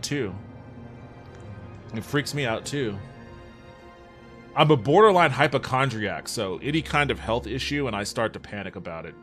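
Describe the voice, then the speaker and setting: Faint background music plays softly as a man with a medium-pitched voice hangs out with his stream viewers. He reads their chat messages aloud and answers them in a loose, laid-back manner full of swearing.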